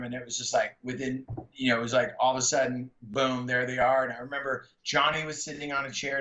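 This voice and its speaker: A middle-aged man from San Jose, a guest comedian, telling a story in casual chat, excited and rambling with lots of fillers and restarts. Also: mid-range voice. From San Jose, California. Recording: echoey room, dull lo-fi sound.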